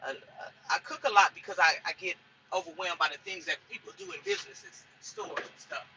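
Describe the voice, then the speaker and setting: A woman's voice: fairly low pitch, very animated, fast, bright, forceful tone, slight background noise, low-quality recording. A woman truck driver chatting in a casual cooking vlog from inside her truck cab. She rambles and repeats herself as she talks.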